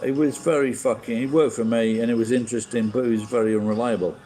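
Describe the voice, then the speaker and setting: A middle-aged man rambles through a casual livestream, his mid-pitched voice warm and relaxed. He swears constantly and airs blunt opinions, with faint music playing behind him. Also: fast, poor audio. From England. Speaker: livestream host.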